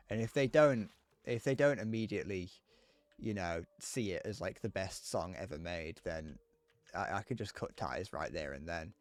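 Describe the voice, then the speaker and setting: Rambling low-voiced streamer. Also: male voice, expressive, moderate pace, dry recording. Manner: rambling, jokey, thinks aloud with restarts. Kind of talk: casual gameplay commentary.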